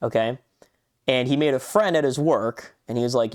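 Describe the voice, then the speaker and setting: A man's voice: medium pitch, normal speed, no room sound, clean studio sound. A man co-hosting a casual podcast, ranting animatedly and swearing freely. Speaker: podcast co-host.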